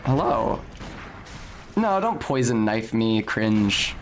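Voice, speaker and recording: A man's voice: fairly low pitch, sing-song, slow, creaky, slight background noise. A man streaming a video game, narrating his play in a wry, casual way and swearing now and then. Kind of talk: casual gameplay commentary.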